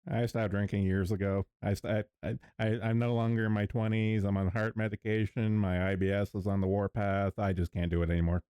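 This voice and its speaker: A man in his thirties talks in a deadpan, self-deprecating way. His voice is low, mellow and smooth, recorded dry and close. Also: brisk, hardly any pauses, no room sound. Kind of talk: casual chat.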